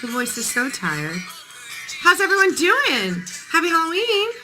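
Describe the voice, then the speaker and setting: A woman's voice: very high-pitched, wildly swooping pitch, unhurried, sharp tone, faint music behind, poor audio. A woman in her thirties hosting a casual morning live stream, chatting playfully with viewers while her voice sounds tired.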